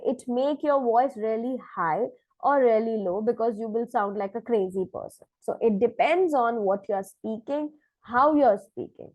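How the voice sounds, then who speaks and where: Woman teacher going over ielts tips, kinda high voice, dry close sound, keeps asking right?. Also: darkish tone, no room sound, low-quality recording. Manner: explaining, with frequent "right?" checks and self-corrections. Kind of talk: lecture-style exam tips.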